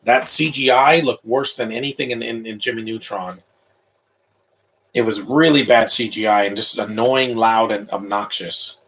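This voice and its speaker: A man's voice: fairly low pitch, fairly even intonation, moderate pace, a bit bright, poor audio. Man, thirties, casual live movie commentary, opinionated, rambling, restarts a lot.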